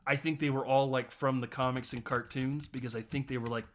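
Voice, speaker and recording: A man hosting a podcast, retelling a film in a casual, laughing way with frequent swearing and quick voiced quotes. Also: medium pitch, a bit bright. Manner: swears freely, laughs often. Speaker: podcast host.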